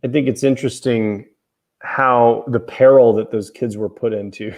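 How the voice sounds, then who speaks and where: A man's voice: mid-range voice, fairly even intonation, normal speed, darkish tone. Rambling, joking male chat host. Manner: rambling, easily distracted, joking. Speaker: host and author. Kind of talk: casual livestream chat. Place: outdoors near a golf course.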